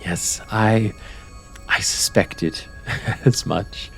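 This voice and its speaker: A man voicing a gracious, serene female celestial who welcomes travelers with gentle formality. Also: on the low side, steady tone, drawn-out words, vocal fry, soft background music, exaggerated voice. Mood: welcoming.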